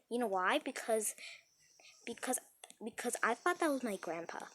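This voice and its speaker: A woman's voice: on the high side, a bit bright, slight background noise. A woman telling a casual storytime tale, rambling and breathless as she goes.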